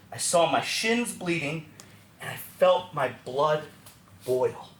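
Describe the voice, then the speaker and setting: A man performing a one-man theatrical storytelling show with an American accent, animated and acting out other people's lines. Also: on the high side, a little hiss or hum. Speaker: solo stage performer. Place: small theater stage. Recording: echoey theater room with faint ambience.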